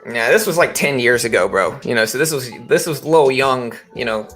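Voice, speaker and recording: Thirties male streamer, faint Louisiana accent, bright and forward tone, loose rambling delivery, soft music underneath. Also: medium pitch, animated, fairly quick. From Baton Rouge, Louisiana. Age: 30s. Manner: rambling, laid-back, says "bro" and "you know". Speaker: trading livestream host. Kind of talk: casual livestream chat. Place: home office.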